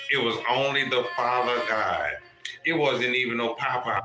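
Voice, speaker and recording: A man hosting a casual livestream and giving spiritual readings. He talks straight to his viewers in an animated, profane way. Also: medium pitch, moderate pace. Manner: animated, profane, addresses chat viewers directly. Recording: echoey room with music playing. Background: music.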